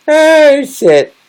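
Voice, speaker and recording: A man chatting casually with viewers on a livestream, teasing and joking crudely as he reads their comments. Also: extremely high pitch. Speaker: live streamer.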